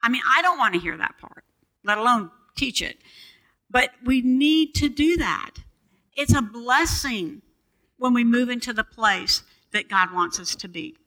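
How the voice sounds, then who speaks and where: An older woman preaching a sermon in a church on a boom mic, calling out to the congregation for responses. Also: lively intonation, unhurried, pushed and bright, low-quality recording.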